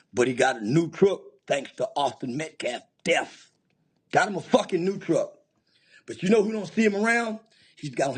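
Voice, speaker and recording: A man's voice: high-pitched, breathy edge. A man giving an angry, profane rant of commentary, taunting and insulting his target.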